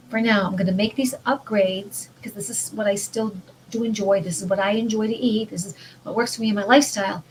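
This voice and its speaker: A woman's voice: mid-range voice, steady tone, a little fast, slight background noise, rough recording. A woman talking in an earnest, rambling way about mindful living, often restarting her sentences. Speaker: vlogger. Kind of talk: casual spiritual monologue.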